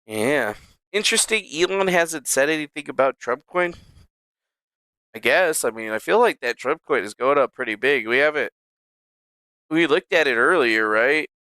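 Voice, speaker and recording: Give me a man chatting loosely on a home livestream, swearing and joking in a bright, dry voice. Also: fairly high pitch, lively intonation, normal speed, dry recording. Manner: rambling, profane, joking. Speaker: livestream host. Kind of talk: casual livestream chat. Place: home streaming setup.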